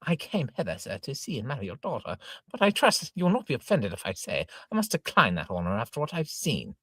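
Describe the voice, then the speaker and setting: A man voicing a courteous young gentleman suitor, speaking formally in an amateur reading of an old farce. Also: mid-range voice, wildly swooping pitch, brisk, no echo, clean studio sound.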